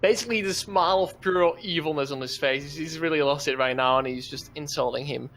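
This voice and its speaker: A man narrating as dungeon master in a casual streamed game, with sudden loud bursts. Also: fairly high pitch, fairly quick, slight background noise.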